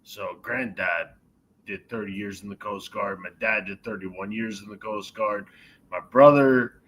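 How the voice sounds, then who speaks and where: A man with a bright, forceful voice in casual chat, swearing a lot and stumbling over fillers. Faint noise sits under the voice. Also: mid-range voice, low-quality recording. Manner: profane, halting, filler-heavy. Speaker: co-host.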